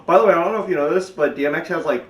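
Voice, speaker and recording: A man's voice: on the high side, very fast, highs cut off. A man co-hosting a podcast in easygoing casual chat. He laughs often and swears casually. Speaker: podcast co-host. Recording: echoey room, far from the mic.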